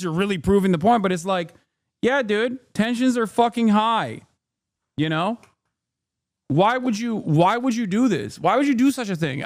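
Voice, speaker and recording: A male streamer ranting through casual reaction commentary, animated and profane, rambling as he goes. His voice sits fairly high and is recorded close and dry, with no room around it. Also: no room sound. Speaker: streamer host.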